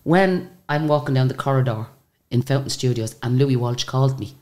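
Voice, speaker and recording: An Irish woman in her sixties, a singer, tells stories in a casual, chatty interview, her voice rumbling low at a normal pace. She's a lively storyteller who often restarts her sentences.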